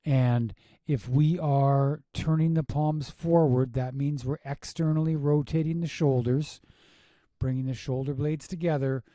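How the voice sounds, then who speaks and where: A man reviews a yoga class video, firing off exasperated rhetorical questions and quick asides. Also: a little high, dark tone, no room sound, studio quality. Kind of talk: casual critique with commentary.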